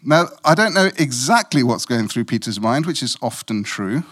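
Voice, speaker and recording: A man's voice: mid-range voice, very animated, normal speed, fairly bright tone. A middle-aged man from Africa preaching a sermon in a conversational, self-mocking way, with playful asides.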